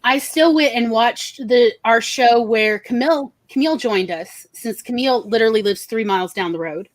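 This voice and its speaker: A woman's voice: a little high, normal speed, no room sound. A woman co-hosting a casual group chat, chatty and emphatic. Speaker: co-host.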